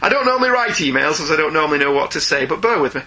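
A man's voice: on the high side, sing-song, racing, bright, forceful tone, rough recording. A man from Ireland with a sore throat, co-hosting a podcast and reading listener emails aloud in casual chat, laughing often as he goes.

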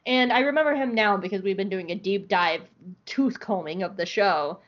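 A woman co-hosts a podcast, recapping an episode in casual chat that's blunt, sarcastic, and profane. Her voice is medium-pitched at a moderate pace, and the podcast audio sounds dull and lo-fi.

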